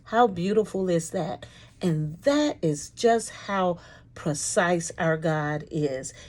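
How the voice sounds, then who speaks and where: A woman tells a faith story in a folksy, emphatic way. Her voice sits a little low. She slows down and leans on the words she wants to stress. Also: lively intonation, a little mellow. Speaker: Christian speaker.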